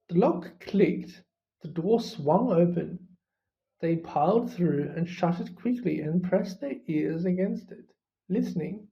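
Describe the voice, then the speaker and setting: A reader narrating a storybook in an unhurried, expressive way. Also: mid-range voice. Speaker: audiobook reader. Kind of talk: storybook reading. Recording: dull lo-fi recording.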